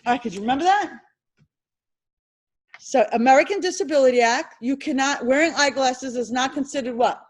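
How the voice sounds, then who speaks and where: High-voiced woman drilling a class. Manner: animated, repetitive drilling with quick questions to students. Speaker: insurance licensing instructor. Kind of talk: classroom exam-prep lecture.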